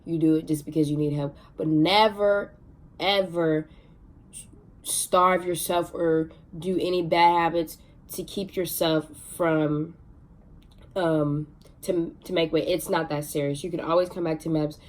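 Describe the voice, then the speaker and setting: Chatty young woman vlogger, low voice. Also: measured pace. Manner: chatty, excitable, many fillers. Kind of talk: casual storytelling to camera.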